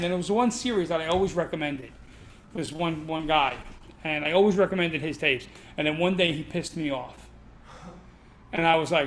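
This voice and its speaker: Animated middle-aged New man storytelling. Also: sits high, moderate pace, pauses often, slight background noise. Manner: animated, laughing, profane anecdotes. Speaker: guest martial arts instructor. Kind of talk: casual storytelling chat. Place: martial arts school in New York City.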